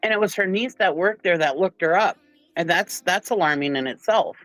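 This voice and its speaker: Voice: medium pitch, normal speed, a bit bright, no room sound, rough recording. A panel guest in casual chat, incredulous and laughing often.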